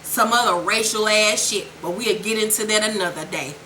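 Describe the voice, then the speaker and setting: A woman's voice: mid-range voice, moderate pace, sharp tone. A woman giving a brash, sassy, profane recap of a TV episode, recorded in an echoey room with faint hiss. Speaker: TV recap vlogger.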